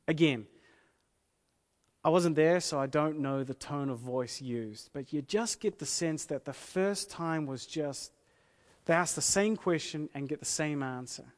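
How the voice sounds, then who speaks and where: A man preaching a sermon as pastor, earnest and emphatic, repeating key phrases slowly for weight. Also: fairly high pitch. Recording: long hall reverb.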